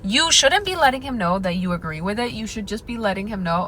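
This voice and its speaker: A woman's voice: mid-range voice, expressive, a little fast, hardly any pauses, a bit bright, slight background noise, poor audio. A young woman giving dating advice straight to her viewers in a sassy, confiding way, calling them girl and honey. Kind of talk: direct-to-camera advice monologue.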